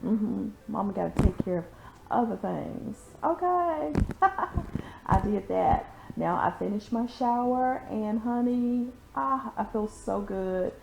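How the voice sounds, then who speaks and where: A woman's voice: medium pitch, measured pace, creaky, background noise. A woman vlogging her routine in a sassy, chatty way, calling viewers honey and y'all. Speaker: beauty vlogger. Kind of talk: casual chatty vlog.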